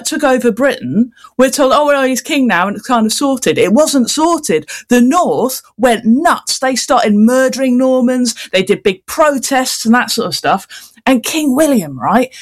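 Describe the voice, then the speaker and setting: A woman children's author chatting in an interview, self-mocking and full of casual fillers. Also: fairly high pitch.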